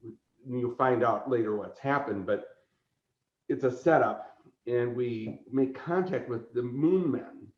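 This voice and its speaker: Laughing man telling an animated story. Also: mid-range voice, slow. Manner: laughs often, acts out quotes. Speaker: convention organizer, guest. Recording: roomy echo, dull lo-fi sound.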